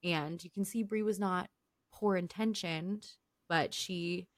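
Animated woman podcast co-host. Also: lowish voice, takes it slowly. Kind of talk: casual recap chat.

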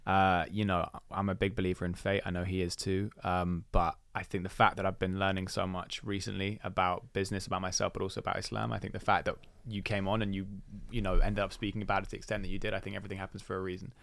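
A man hosting a podcast in a relaxed, friendly, casual way, calling his guest bro. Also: sits low, fast, creaky, hardly any pauses, dry recording. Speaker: podcast host.

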